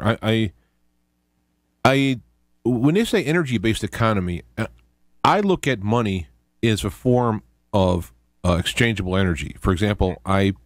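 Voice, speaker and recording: A man's voice: fairly low pitch, dry recording, clean studio sound. A man hosting a radio interview, thinking aloud as he works toward a question. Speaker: radio show host.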